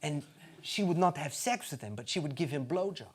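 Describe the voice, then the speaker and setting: A man's voice: fairly high pitch, expressive, brisk, pitched below the performer's own voice, lightly acted. A man putting on the voice of a pushy, overconfident middle-aged European father who gives blunt, bossy advice. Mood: confiding.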